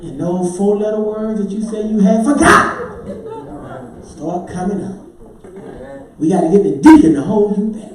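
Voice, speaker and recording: Animated preaching man in echoey church. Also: high voice, normal speed, pauses often. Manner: animated preaching, acting out congregants' voices, with shouts and sung phrases. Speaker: pastor. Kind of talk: sermon. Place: church sanctuary. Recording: echoey church heard from far off.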